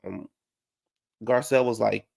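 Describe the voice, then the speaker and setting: A man with a gravelly, fry-tinged voice chats through a reality show recap. He is sassy and dramatic, full of slang, and keeps jumping into high, mocking put-on voices when he quotes people. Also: measured pace, a little mellow. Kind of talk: casual recap chat.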